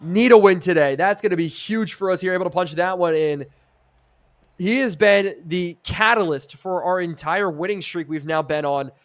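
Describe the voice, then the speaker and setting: A man's voice: high voice, normal speed, a bit bright. Man calling video football like a sportscaster. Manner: sportscaster-style play calling, chatting with viewers. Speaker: streamer and host. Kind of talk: live video game play-by-play commentary.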